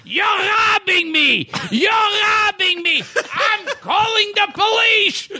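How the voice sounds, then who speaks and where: Guy putting on a yelling old boss, super high and bright, outraged. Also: animated, slow pace, some chatter behind, full character voice. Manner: shrill yelling. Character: shouting old male dress-factory boss, indignant.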